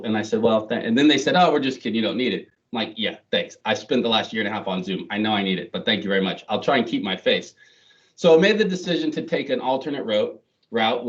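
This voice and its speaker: A middle-aged man giving a chatty, self-deprecating talk to an audience, with many fillers and restarts. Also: mid-range voice. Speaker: guest speaker. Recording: distant, dull lo-fi sound.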